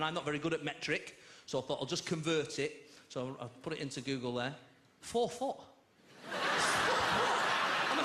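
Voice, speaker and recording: A man's voice: a little high, heavy background noise. A man doing a chatty, self-mocking stand-up comedy routine on a large theatre stage, acting out voices. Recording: echoey theatre, loud audience.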